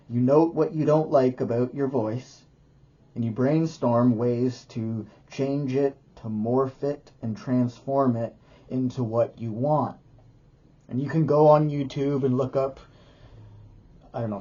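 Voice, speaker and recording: A man's voice: medium pitch, dark tone, breathy edge, highs cut off. A man who teaches yoga and makes videos talks casually to the camera in a loose, rambling way, often restarting his sentences.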